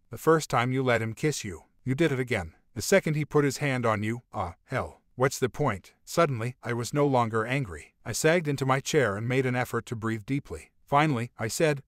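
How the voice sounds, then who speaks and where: A man narrating a first-person story of a betrayed husband. His reading is bitter and reproachful, in an average-pitched voice. The voice-over is close and dry, with no room sound. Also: dry recording.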